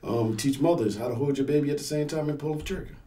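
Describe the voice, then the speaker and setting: Mellow-voiced man explaining gun safety. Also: mid-range voice, quick pace. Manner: animated, acts out scenarios in quoted voices. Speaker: firearms instructor and pastor. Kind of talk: casual interview talk.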